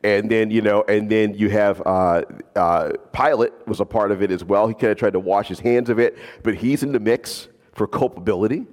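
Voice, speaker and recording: A man preaching a sermon as a pastor, animated and casual, slipping in jokes. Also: lowish voice, moderate pace, hardly any pauses, long reverb tail.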